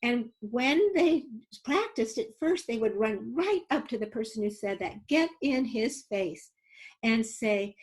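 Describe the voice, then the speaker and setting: A woman with a somewhat high voice teaches a webinar over a video call. She tells stories and walks through techniques, often pausing, hedging with fillers and restarting her sentences. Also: lively intonation, poor audio. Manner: hesitant, many fillers and restarts. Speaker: webinar presenter and instructor. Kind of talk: instructional webinar talk with stories.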